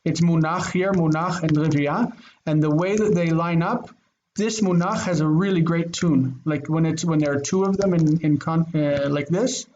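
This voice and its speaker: Guy teaching hebrew grammar online, gets all excited, slightly high voice, lo-fi call with faint hiss. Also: normal speed. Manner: enthusiastic, excitable, thinks aloud. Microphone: video call.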